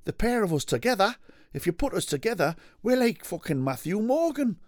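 A man's voice: high-pitched, sing-song, brisk, no echo, studio quality, voice pushed up. A man voicing two ageing, rock-loving men who banter with each other, full of swearing.

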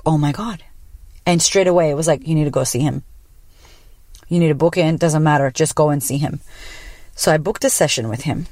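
A woman hosting a podcast, telling a personal story in a blunt, profane, animated way. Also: low-pitched, no room sound, clean studio sound. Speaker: podcast host. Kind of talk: casual personal monologue.

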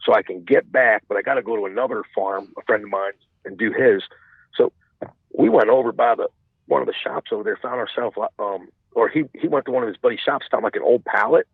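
A man's voice: fairly low pitch, brisk, breathy edge, dry recording, narrow, tinny audio. A man chatting casually as a podcast guest, talking in rambling stretches full of restarts and asides. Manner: rambling, many restarts and "you know what I'm saying". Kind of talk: casual chat.

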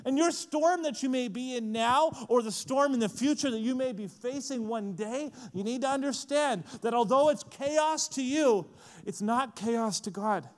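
A man preaching a sermon in a casual, animated way, often saying "like", at a conference. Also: extremely high pitch, normal speed, long reverb tail. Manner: lively, casual, frequent "like" fillers. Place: large conference hall.

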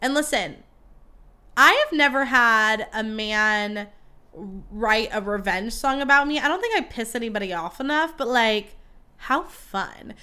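Bright, gossipy young woman podcaster. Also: on the high side, a little slow, smooth. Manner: gossipy, animated and profane, with frequent asides. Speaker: podcast host. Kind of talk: casual solo podcast chat.

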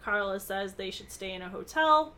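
A woman co-hosting a casual podcast, retelling a book's story and acting out its quoted lines with lively emphasis. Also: mid-range voice, normal speed. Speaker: podcast co-host. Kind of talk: casual book recap with commentary.

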